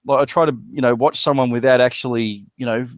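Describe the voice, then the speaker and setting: A man's voice: mid-range voice, steady tone, quick pace, dry recording. A man with an Australian accent, chatting casually and rambling, with crude jokes. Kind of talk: casual chat.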